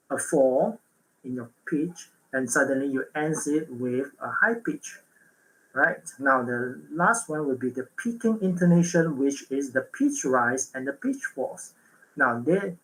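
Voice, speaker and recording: Slow-talking man teaching. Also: fairly high pitch, rough recording. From Malaysia. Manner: frequent fillers and self-corrections, checks in with "right?". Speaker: workshop presenter. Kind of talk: online public speaking workshop lecture.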